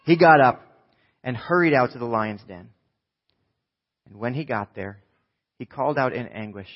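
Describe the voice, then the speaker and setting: A man preaching a sermon, retelling a story with lively, acted-out voices. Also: mid-range voice, moderate pace, pauses often, muffled recording. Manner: animated storytelling, acting out voices. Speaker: pastor.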